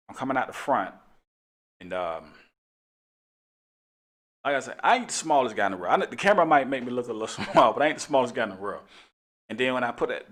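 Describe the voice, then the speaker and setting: A man's voice: mid-range voice, fairly bright tone. A middle-aged man, a police officer hosting a talk show, telling a casual story in a laid-back way and laughing often.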